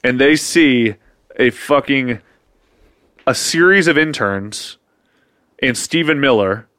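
A man riffs through an improvised comic story, swearing freely and jumping into little voices for the people in it. His voice sits at an ordinary middle pitch. The sound is close and dry, with no room around it. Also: takes it slowly, no room sound. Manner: animated, profane, acts out quoted voices in his stories. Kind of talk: casual comedic chat, improvised storytelling.

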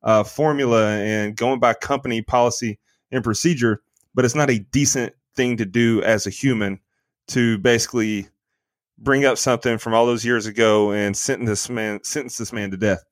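A man's voice: mid-range voice, steady tone, moderate pace, dry recording. Podcast co-host, male, casual rambling critic, dead-dry mic sound. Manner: opinionated, rambling with many fillers. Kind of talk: casual movie review chat.

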